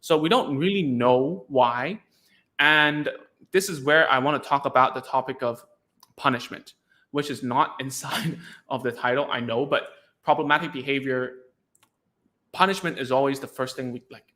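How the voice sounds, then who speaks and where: A man's voice: medium pitch, normal speed, sharp tone. A young man, a podcast host and former behavioural therapist, chatting casually and filling his talk with "like" as he explains. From Hong Kong. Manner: chatty, heavy use of "like", acts out sounds and reactions.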